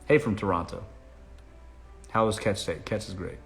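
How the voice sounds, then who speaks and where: A man's voice: deep voice, fairly even intonation, moderate pace, creaky, echoey room, faint music behind. A man from South Carolina with a Southern accent, hosting a casual live-stream Q&A on dating and giving blunt, profane, joking answers. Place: room in his home.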